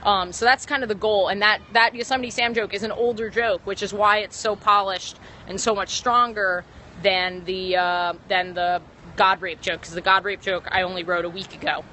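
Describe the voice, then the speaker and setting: A woman's voice: medium pitch, steady tone, normal speed, pushed and bright. A young woman stand-up comedian chatting casually on a livestream from a city street, rambling and correcting herself as she talks into a phone. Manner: rambling, full of ums and self-corrections. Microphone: phone held to stream. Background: faint street traffic.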